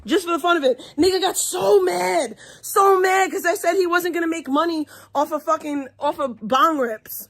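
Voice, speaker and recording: A woman's voice: very high voice, moderate pace, hardly any pauses, fairly bright tone, a little hiss or hum. A woman ranting profanely and taunting someone on a home livestream. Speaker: streamer. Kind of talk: angry livestream rant.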